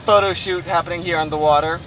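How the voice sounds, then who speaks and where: A woman's voice: on the low side, steady tone, fast talker. A young woman hosting a casual vlog, playful and teasing as she commentates from a small boat on a lake. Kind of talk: casual outdoor chat. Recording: outdoor noise from wind and boat.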